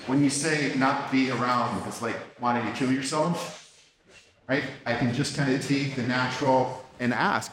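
A man's voice: mid-range voice, normal speed. Man giving a conference talk. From United States. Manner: conversational, acts out dialogues in short quoted lines; gentle, reassuring when voicing the counselor. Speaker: therapist speaking at a conference. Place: conference hall with an audience.

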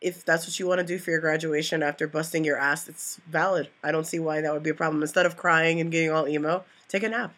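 A woman in her thirties talks quickly and brightly in casual podcast chat. Her voice sits a touch low, sounds a little stuffy, and stays upbeat. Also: steady tone. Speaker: podcast co-host.

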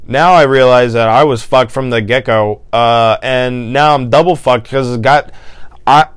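Swearing frequently, a young man airs his frustrations on his own casual podcast. He speaks at a measured pace in a smooth, clean voice captured dry with no surrounding room sound, alternating loud exasperated bursts with low, defeated mumbling.

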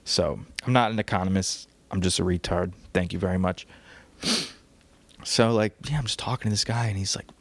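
A man's voice: low-pitched, a little fast, dry recording. A man hosting a casual solo podcast from home, rambling crudely and laughing at his own jokes. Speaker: podcast host. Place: home, on a couch.

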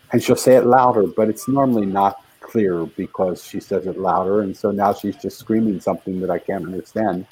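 An older man speaks with a husky, dark voice as an interview guest. He tells his story earnestly and with feeling. His delivery rises in intensity as he goes on. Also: fairly low pitch, low-quality recording.

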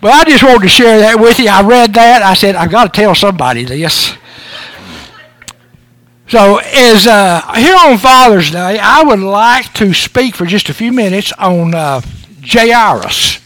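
A man's voice: high voice, lively intonation, unhurried, fairly bright tone, dry recording. A man, a pastor giving a sermon on Father's Day in a folksy, joking, conversational way. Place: church service.

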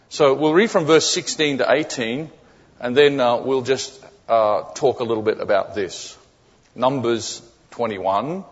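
A man with a husky voice preaches to a congregation, chatting with them and checking that they are following along. The sound carries a long reverb from the church hall. The recording is dull and lo-fi. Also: medium pitch, measured pace. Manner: conversational, often checking in with the congregation; repeats key phrases for emphasis. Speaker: guest preacher. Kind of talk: sermon. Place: church sanctuary.

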